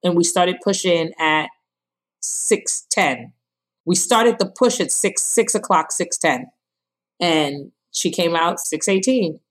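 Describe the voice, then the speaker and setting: Woman, thirties, podcast guest, animated storyteller, lowish voice, lively quotes. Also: slow. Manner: animated storyteller who acts out quotes in a high voice and laughs. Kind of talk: telling her birth story.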